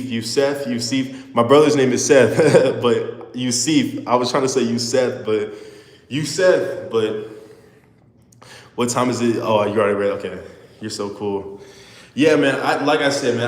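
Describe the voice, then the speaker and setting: Earnest young guy in an echoey room. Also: mid-range voice. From Houston, Texas. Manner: rambling and earnest, full of "bro" and restarts. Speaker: livestreamer. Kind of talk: casual live chat with viewers. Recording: echoey room with long reverb.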